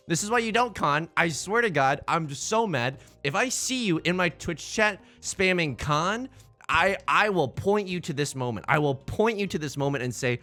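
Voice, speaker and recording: Excitable young man commentating a game. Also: on the high side, brisk, soft background music. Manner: excitable, jokey, swings from shouting to muttering. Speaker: let's play host.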